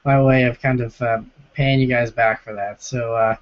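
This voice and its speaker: A hoarse young man with a sore, rough throat hosting a casual live-stream Q&A from home, chatting as he reads out and answers viewer comments. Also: medium pitch, little pitch movement, normal speed. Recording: lo-fi stream audio.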